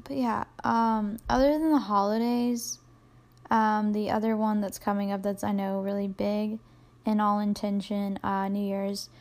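A woman's voice: mid-range voice, level tone, unhurried, a little mellow. A young adult woman hosting a solo podcast, rambling casually and self-deprecatingly with plenty of fillers. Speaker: podcast host.

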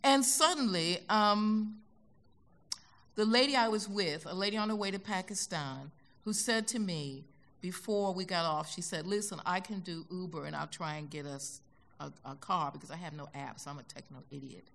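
Older american woman, gravelly low voice, bright forceful tone, animated storyteller on a stage. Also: moderate pace. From United States. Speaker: guest. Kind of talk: onstage conversation. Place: concert hall stage.

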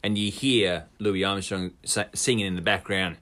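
A man's voice: low voice, fairly even intonation, normal speed, sharp tone. An Australian man co-hosting a podcast, chatting casually, laughing often and swearing. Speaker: podcast co-host. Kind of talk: casual chat.

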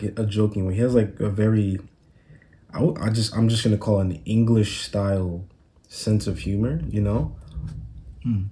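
A man's voice: lowish voice, warm tone, slight background noise. A young man hosting a podcast, telling stories in a loose, rambling monologue full of slang, recorded on a phone. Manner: laid-back, rambling slang-heavy storytelling. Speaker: podcast host. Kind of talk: casual solo monologue.

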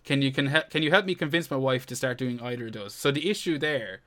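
A man's voice: medium pitch, fast, a bit bright. A man co-hosting a casual podcast chat, reading out listener questions, joking and swearing freely. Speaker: podcast co-host.

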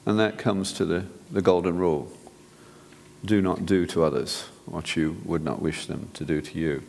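A man's voice: low-pitched, steady tone, moderate pace, vocal fry, darkish tone, in a large hall, a little hiss or hum. A man, a physician, giving an earnest, direct sermon-style talk to an audience, often restarting his sentences. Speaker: physician speaker.

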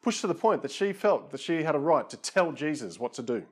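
A man's voice: a little high, very animated, a little fast, slightly rough. Guy preaching a chill sermon, pokes fun at himself, keeps talking right to the crowd. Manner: casual, self-deprecating, lots of asides to listeners. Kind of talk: conversational sermon.

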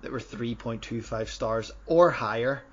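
A man co-hosting a casual podcast, reviewing in a steady, measured way. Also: mid-range voice, dull audio, slight background noise. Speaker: podcast co-host.

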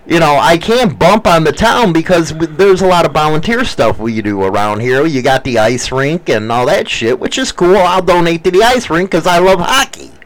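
A man hosting a casual talk show at home, telling crude, animated stories and swearing constantly. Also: on the high side, moderate pace, few pauses, rough recording. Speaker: podcast host. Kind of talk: casual profane storytelling.

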